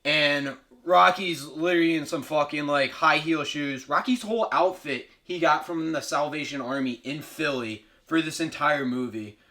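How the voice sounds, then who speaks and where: A man's voice: a little high, moderate pace, hardly any pauses, sharp tone. A young man recapping a movie comedically, rambling and swearing with lots of filler words.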